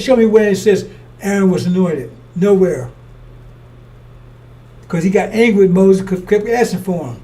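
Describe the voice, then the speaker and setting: A man's voice: high voice, moderate pace, pauses often, warm tone, far from the mic. A man preaching fiery, accusatory commentary on scripture, repeating himself as he drives each point home.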